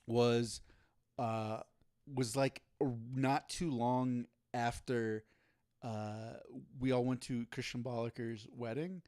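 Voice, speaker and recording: A man's voice: mid-range voice, level tone, slow, warm tone, clean tone. A man co-hosting a casual podcast, telling a long story with many restarts and laughs. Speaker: podcast co-host. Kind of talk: casual chat.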